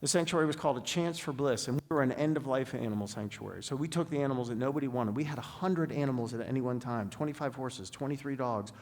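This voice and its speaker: A middle-aged man giving an inspirational talk as a guest speaker, telling stories with dramatic pauses and slowing down for emphasis. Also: medium pitch, a little mellow. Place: large spiritual center hall. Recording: long hall reverb.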